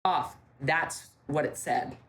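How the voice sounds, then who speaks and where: A woman from a ranch telling ghost stories in casual talk, emphatic, with halting restarts and key phrases repeated. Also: low voice, a little hiss or hum. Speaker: ranch staff member interviewed about ghost stories. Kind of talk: casual spoken storytelling.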